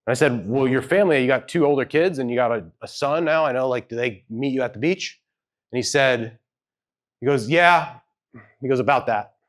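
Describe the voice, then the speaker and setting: In a mid-range voice and at a fairly quick pace, a man who is a parent tells a personal story during a keynote at a live event. The audience fills an event hall, and he stays conversational and hedging, acting out the dialogue he quotes.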